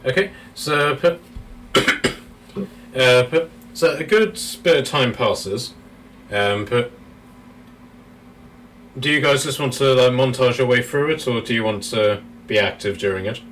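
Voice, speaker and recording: A man's voice: mid-range voice, a little slow, long pauses, a bit bright. A man running a tabletop game as game master, talking casually, laughing often and thinking aloud while he checks his notes. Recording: distant mic, faint noise.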